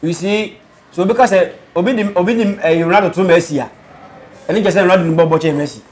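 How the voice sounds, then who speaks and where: A man with a Ghanaian accent being interviewed about music, talking in an animated way and mixing English into his speech. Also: sits high, fast talker. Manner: animated, mixes English into Twi, slips into Patois-style phrases. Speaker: interviewee, aspiring rapper. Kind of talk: casual interview chat.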